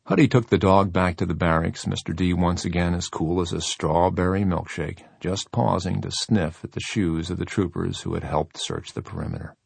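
A man reading a novel aloud in steady, measured narration. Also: low-pitched, vocal fry, husky, no echo. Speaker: audiobook narrator. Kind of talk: scripted narration.

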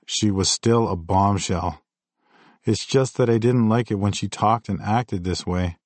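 A man reads his memoir aloud in a scripted audiobook style. His telling is candid and reflective, in a fairly low voice. The sound is dry and close, with no room echo. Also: a little mellow. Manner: candid, reflective first-person storytelling. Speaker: memoir narrator.

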